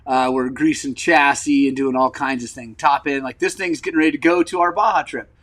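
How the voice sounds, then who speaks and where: A man hosting a motorcycle channel in casual rambling vlog chat, frank and frustrated, with lots of fillers and throat clearing, recovering from an injury. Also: medium pitch, steady tone, fairly quick, a bit bright, poor audio. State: recovering from injury, wearing a brace.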